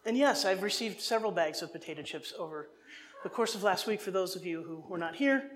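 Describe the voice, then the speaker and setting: A woman from New Jersey preaching a sermon in an animated, conversational way, with humorous side stories. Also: lowish voice, a little fast, slight background noise.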